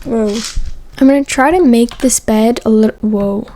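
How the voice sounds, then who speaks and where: A woman's voice: a little high, moderate pace, background noise. A young woman from a French-speaking area, chatting casually and rambling with lots of fillers while she builds in a game. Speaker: YouTuber.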